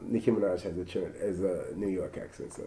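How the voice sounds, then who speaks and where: A man hosting a podcast, chatting in a friendly, lively way with his guest. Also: sits low, brisk. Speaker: podcast host. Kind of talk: casual interview chat.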